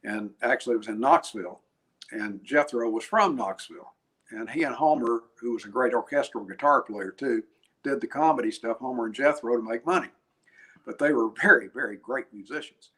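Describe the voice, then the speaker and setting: A man's voice: medium pitch, a little fast. Older man telling chatty stories. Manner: chatty, animated, laughs, frequent restarts. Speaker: guest musician. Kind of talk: anecdotal interview storytelling.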